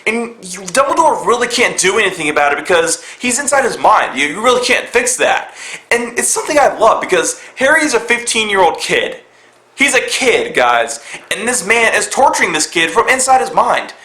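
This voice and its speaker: A young man casually reviewing a film, excitable and profane, retelling scenes with mock voices. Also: high voice, moderate pace, echoey room. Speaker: movie reviewer.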